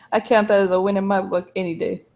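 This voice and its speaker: Woman with a gravelly fry, rambly folksy in-character storytelling, talks like an older sister. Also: mid-range voice, a little mellow. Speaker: tabletop role-play player. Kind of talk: in-character role-play.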